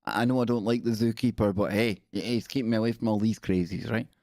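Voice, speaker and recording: A man's voice: on the low side, steady tone, quick pace, a little mellow, no room sound, clean studio sound, natural voice. A man voicing a musing escaped chimp. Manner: musing, chatty inner monologue. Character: escaped male zoo chimpanzee, wary and homebound.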